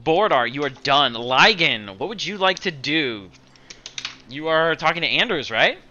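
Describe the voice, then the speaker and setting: A man's voice: on the high side, big pitch swings, unhurried, bright, forceful tone, a little hiss or hum. A man narrating a tabletop game as game master, rambling and hesitant in a playful way. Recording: dull lo-fi stream audio.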